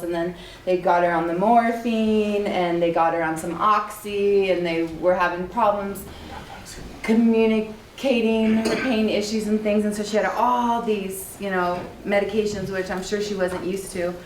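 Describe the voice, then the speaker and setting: A woman's voice: mid-range voice, a little hiss or hum. A woman speaking at a memorial, telling tender personal stories and laughing at fond memories. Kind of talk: personal storytelling. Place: memorial gathering room. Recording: echoey room from a distance.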